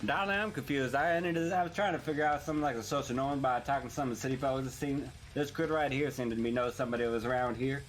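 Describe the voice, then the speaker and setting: A man taking his turn in a tabletop game, talking in a folksy, laid-back drawl. His voice sits at an ordinary pitch, and his questions trail off. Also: fairly even intonation, quick pace, few pauses, slight background noise. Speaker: player. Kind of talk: in-character play.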